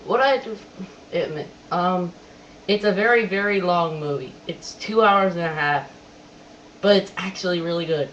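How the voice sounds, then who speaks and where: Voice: mid-range voice, moderate pace. Webcam movie reviewer, chatty and rambling, muffled lo-fi audio. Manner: chatty, repeats "I gotta admit", animated quoting. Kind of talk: casual webcam review and rant. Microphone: webcam microphone. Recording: distant dull webcam audio, faint hiss.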